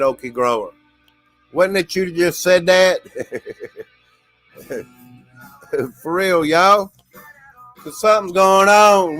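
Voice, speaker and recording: Man, slow drawl, frequent laughs, slightly high voice, dry close sound, faint music behind. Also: pushed and bright, no echo. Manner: drawling, laughs often, keeps saying "y'all". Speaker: livestream host. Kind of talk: casual livestream chat to viewers.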